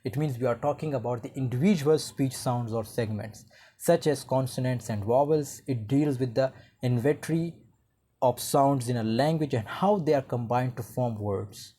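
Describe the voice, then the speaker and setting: Mellow-voiced linguistics teacher. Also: mid-range voice, normal speed, slightly rough. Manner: explains step by step, often restarting with "uh, like". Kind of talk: explanatory online lecture.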